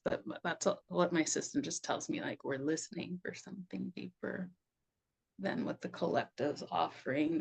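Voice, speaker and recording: A woman's voice: on the low side, gravelly, darkish tone, husky, muffled recording. A middle-aged woman talking as a podcast guest in a loose, reflective way, laughing often and saying "like" a lot. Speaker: podcast guest, somatic practitioner. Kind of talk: casual reflective conversation.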